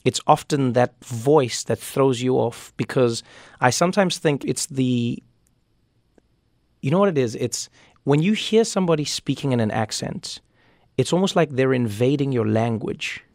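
Gravelly man, interview guest. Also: medium pitch, animated, moderate pace, dry recording, studio quality. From South Africa. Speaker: guest author. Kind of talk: conversational interview.

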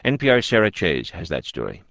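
Deep-voiced male news anchor. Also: huge pitch swings, vocal fry, fairly bright tone, muffled recording, a little hiss or hum. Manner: deliberate, authoritative anchor delivery. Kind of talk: scripted news introduction. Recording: dry studio sound.

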